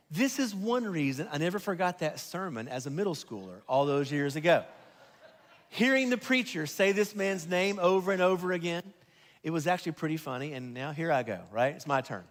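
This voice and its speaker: A man preaching a sermon as pastor, swinging between loud emphasis and hushed, quiet stretches. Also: a little high, in a large hall. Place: church sanctuary.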